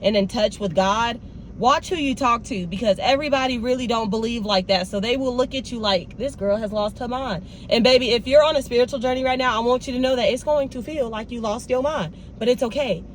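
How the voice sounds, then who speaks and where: A woman's voice: fairly high pitch, a little fast, slight background noise. A young woman, talking casually and animatedly straight to her viewers in a vlog. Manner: animated, talks straight to viewers with "y'all" and "baby". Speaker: vlogger.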